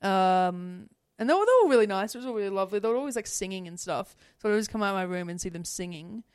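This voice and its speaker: A woman's voice: mid-range voice, lively intonation, fast, a little mellow, clean tone, no echo, studio quality. A young woman co-hosting a podcast, chatting casually in a rambling way and laughing often. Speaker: podcast co-host. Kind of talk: casual chat.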